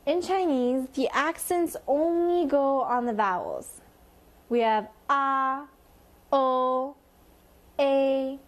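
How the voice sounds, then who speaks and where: A woman teaching a language lesson, patiently explaining and modeling tones by sliding her voice up and down. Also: sits high.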